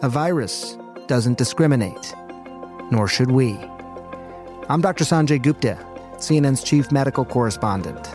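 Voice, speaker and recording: A man hosting a news podcast, reading a scripted narration in a calm, measured, earnest way. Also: mid-range voice, faint music behind. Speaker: medical correspondent and podcast host.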